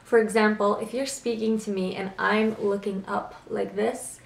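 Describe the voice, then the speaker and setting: A woman hosting a self-improvement vlog, explaining tips in a calm, earnest, instructive way. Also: medium pitch, normal speed, creaky. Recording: echoey room.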